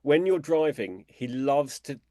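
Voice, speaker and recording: A British man, an author guest in an interview, who tells lively anecdotes and talks in a chatty, conversational way. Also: unhurried, dry recording, studio quality. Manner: animated storyteller, imitates people in a high voice.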